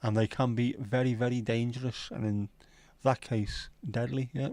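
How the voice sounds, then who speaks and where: A man hosting a relaxed livestream, bantering cheekily with viewers he addresses by name. His pitch sits in an ordinary middle range, and the sound is close and dry with no room echo. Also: normal speed. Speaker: livestream host. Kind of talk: casual chat reading viewer comments.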